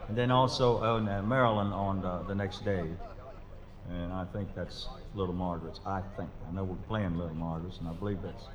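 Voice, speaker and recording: A man's voice: low voice, steady tone, a little fast, over music. A man serving as bandleader, with rambling, folksy, self-deprecating stage banter. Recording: echoey live hall with crowd noise.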